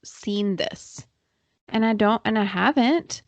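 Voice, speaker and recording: A woman's voice: medium pitch, slow pace, dry recording. A woman co-hosting a true-crime podcast, reacting to the story with short exclamations and questions. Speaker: podcast co-host. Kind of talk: casual chat reactions.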